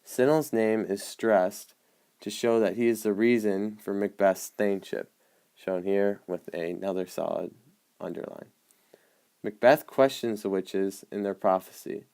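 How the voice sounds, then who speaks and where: A man explaining the marks on an annotated play script, in a measured way with frequent hesitant ums. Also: fairly low pitch, fairly even intonation, creaky, darkish tone, clean tone. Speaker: student presenter.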